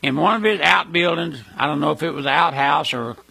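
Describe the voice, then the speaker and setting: A man preaching a sermon, emphatic, with his voice rising to loud peaks and dropping to low murmurs. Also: fast talker, creaky, slightly rough.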